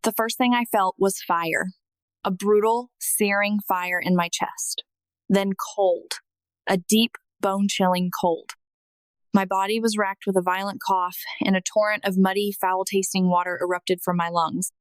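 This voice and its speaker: A woman narrating a scripted first-person testimony in a slow, emotional, earnest manner. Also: medium pitch, fairly even intonation, no room sound.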